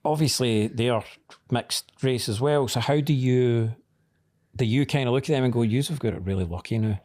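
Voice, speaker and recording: A Scottish man hosting a relaxed interview, easygoing and encouraging, often backing up his guest with short agreement. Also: medium pitch, moderate pace. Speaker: interview host.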